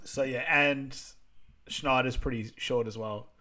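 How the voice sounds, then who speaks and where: Relaxed man co-hosting a podcast. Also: medium pitch, a little slow, a little hiss or hum. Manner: relaxed, laughs along, many fillers. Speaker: podcast co-host. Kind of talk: casual chat.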